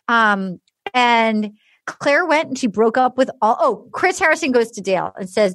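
Speaking a little slowly in a fairly high voice, a woman chats casually about a reality show over a clean, dry studio recording. She animatedly performs what people said in changing voices, leaning heavily on "like" and frequent restarts.

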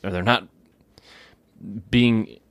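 Low-voiced man musing on teaching. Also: steady tone, fairly bright tone, clean tone, dry recording, studio quality. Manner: reflective, measured opinions on teaching. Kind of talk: casual discussion.

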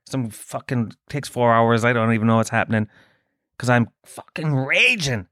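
A man hosting a podcast, telling a comic story in a profane, ranting, animated way. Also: fairly high pitch, no room sound, studio quality. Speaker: podcast host.

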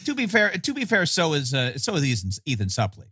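A man's voice: fairly high pitch, wildly swooping pitch, quick pace, pushed and bright, slightly rough, no echo, clean studio sound. Chatty laughing man on a podcast. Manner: chatty, laughing, repeats words when starting a thought. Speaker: podcast co-host. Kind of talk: casual movie-recap chat.

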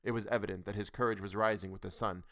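Man, low smooth voice, dry close sound, dramatic audiobook narration. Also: steady tone, fairly bright tone, no room sound. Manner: measured, dramatic storytelling. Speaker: podcast host reading a story.

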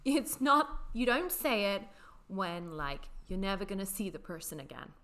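A British woman co-hosting a podcast in casual chat, wry and mock-exasperated, quick to laugh. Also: mid-range voice, big pitch swings, bright, forceful tone. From Britain. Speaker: podcast co-host.

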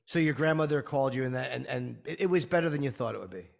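A man hosting an interview asks casual questions quickly and stumbles over his words as he restarts. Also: mid-range voice, gravelly. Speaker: interviewer, host.

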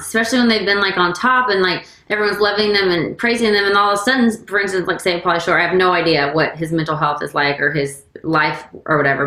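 A woman's voice: medium pitch, bright, forceful tone. A woman hosting a casual chat, talking in a chatty way with lots of "like". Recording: echoey room.

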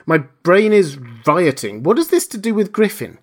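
A man's voice: a little high, very animated, unhurried, a bit bright, voice pushed up, full character voice. A man voicing a startled, skeptical male doctor who sounds incredulous and flustered. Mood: shaken.

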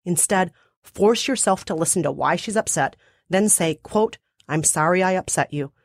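A woman co-host reads through a list of steps with a dryly ironic edge. Her voice sits slightly low. It is recorded close, with almost no room sound. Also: moderate pace, no room sound. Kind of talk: scripted summary with wry asides.

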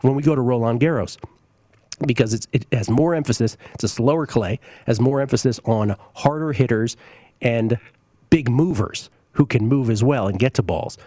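A man hosts a sports betting talk show, reading listener tweets and giving opinionated, conversational takes on games and bets with plenty of fillers and asides. He coughs and is briefly choked up. His mid-range voice has a dark tone and moderate pace, recorded at studio quality with no room sound.

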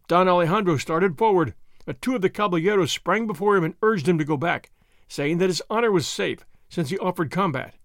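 A man narrating an adventure audiobook in a clear, expressive way. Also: high-pitched, fairly quick, no echo, clean studio sound.

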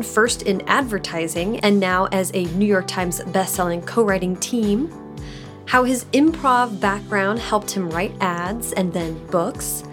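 Chatty woman podcast host. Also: mid-range voice. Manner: enthusiastic, chatty. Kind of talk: podcast intro and interview.

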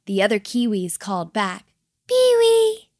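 A woman narrating a children's bedtime story, gentle and expressive. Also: mid-range voice, measured pace, dry recording, studio quality.

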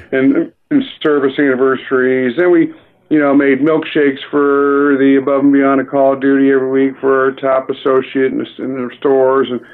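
A middle-aged man who leads a restaurant company tells a story. He uses many filler words and acts out the dialogue. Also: medium pitch. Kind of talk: anecdotal storytelling. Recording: narrow phone-like radio audio.

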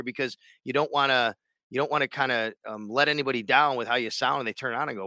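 A man's voice: medium pitch, fast, creaky, sharp tone, dry recording, studio quality. A man co-hosting a sports podcast in casual chat, rambling and restarting his sentences. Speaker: radio sports show co-host.

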